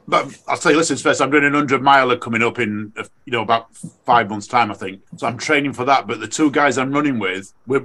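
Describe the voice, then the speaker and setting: A man from the UK, a race director guest on a podcast, chatting casually and telling lively stories with plenty of ums. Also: medium pitch. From United Kingdom. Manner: chatty storyteller, animated when excited, many fillers.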